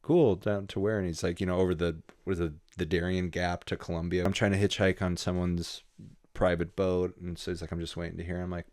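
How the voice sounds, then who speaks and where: A man telling travel stories in a relaxed, casual way in a podcast interview, often swearing and acting out what people said. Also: low voice, fairly quick. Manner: laid-back, swearing, acts out dialogue. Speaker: guest photographer.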